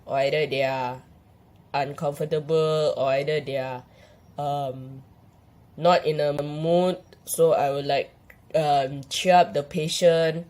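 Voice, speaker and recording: A young Malaysian woman with a notably low, deep voice tells her own story in a relaxed personal vlog. She speaks in a Malaysian English accent and rambles earnestly, circling back with plenty of fillers and restarts. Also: slow. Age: young adult. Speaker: vlogger sharing her epilepsy experience.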